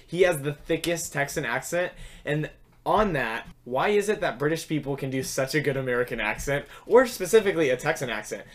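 A young man hosting a podcast in casual chat, animated and quick to talk over the others. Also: a little high. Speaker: podcast host.

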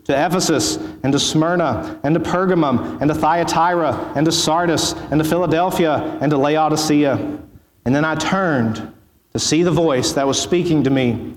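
A man preaching as pastor, reading scripture in a solemn, measured way before his sermon. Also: fairly high pitch. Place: church sanctuary. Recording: echoey church hall.

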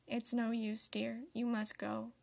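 A young woman voicing Charlie, a loving male possum father trapped in a bin, in a gentle, pleading way. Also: fairly high pitch, completely flat delivery, takes it slowly, creaky. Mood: tender pleading.

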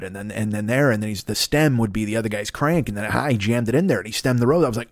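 An older man riffs at a rapid clip in a profane, rambling monologue, poking fun at himself as he goes. His voice is mid-pitched and sits close and dry on a laptop microphone, with no room sound around it. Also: dry recording. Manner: profane, rambling, self-mocking. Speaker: podcast host. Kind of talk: solo comedic rant.

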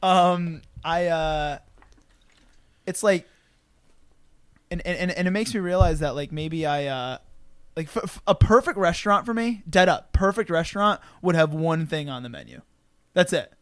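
A man's voice: on the high side, moderate pace, pauses often, clear, resonant tone, no echo, clean studio sound. A young man in casual podcast chat, rambling and self-deprecating, with frequent swearing and restarts.

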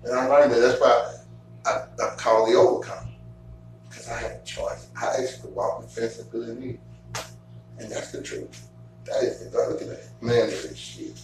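A man hosting a casual chat, telling stories in a profane, animated way and getting loud at times. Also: mid-range voice, moderate pace, faint music behind. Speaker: show host. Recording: echoey room from far off, faint hum.

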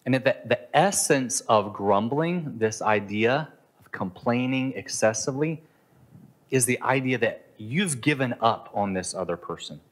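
A man's voice: mid-range voice, expressive, measured pace. A middle-aged man preaching a sermon in an earnest, conversational way, now and then acting out the inner voices of his listeners. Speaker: pastor. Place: Southeast Asia.

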